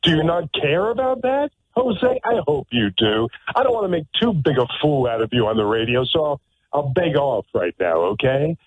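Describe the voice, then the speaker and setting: This talk radio host's slightly high, sing-song voice moves at a normal pace as he delivers a sarcastic, emphatic monologue full of repeated words. There's no room sound, only the tinny, narrow-band quality of radio from a studio.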